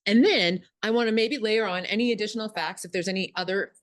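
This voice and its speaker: A woman's voice: mid-range voice, quick pace, no room sound, clean studio sound. A woman speaking as a communication expert in an interview, explaining step by step and acting out bits of example dialogue. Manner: animated, acts out example dialogue.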